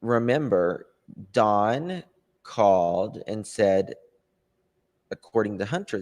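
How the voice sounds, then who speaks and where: A man with a fairly low voice talks slowly and unhurriedly, hosting a casual true crime livestream. He thinks aloud and answers viewer comments with frequent ums and trailing pauses. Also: darkish tone. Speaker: true crime channel host. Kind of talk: casual livestream chat about a case.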